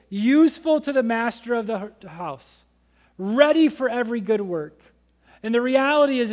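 A man pastor preaching a sermon, earnest and exhorting, reading scripture aloud and acting out people's excuses. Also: very high voice.

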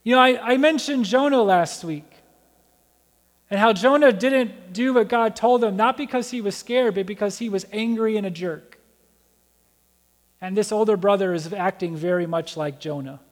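A male pastor delivers a sermon in a high, animated voice. He slips into the characters' voices as he tells the story. The sound carries the long reverb of a church hall. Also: normal speed. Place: church sanctuary.

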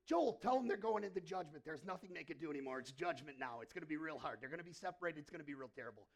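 A man's voice: a little high, lively intonation, very fast. A man voicing God as a firm but caring father, solemn and earnest.

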